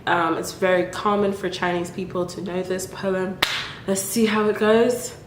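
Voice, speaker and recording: A woman's voice: medium pitch, fairly even intonation, a little slow, roomy sound, slight background noise. A woman whose first language is Dutch, chatting casually with lots of ums and laughs, with a stuffy nose. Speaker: vlogger. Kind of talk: casual chat and poem reading.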